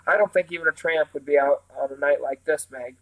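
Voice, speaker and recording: A man reading calm, brisk Mrs Murray. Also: fairly high pitch, natural voice, poor audio. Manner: calm, light. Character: calm mother, brisk and reassuring.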